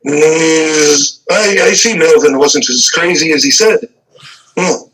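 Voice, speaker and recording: Guy putting on a gruff captain who swears, pitched up high, game voice. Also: slow, a bit bright, low-quality recording. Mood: amused. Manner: brusque, swearing. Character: gruff cursing male captain.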